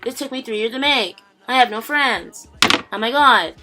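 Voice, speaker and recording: A man putting on a high, mouthy voice for a ditzy, gushing young person who is lonely and excitable. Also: normal speed, over loud music. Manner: breathy, chirpy, speaking from the mouth.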